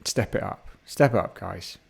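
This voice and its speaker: A man's voice: low-pitched, moderate pace, vocal fry, breathy edge. A man co-hosting a podcast, playful and giggly in casual chat. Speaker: podcast co-host.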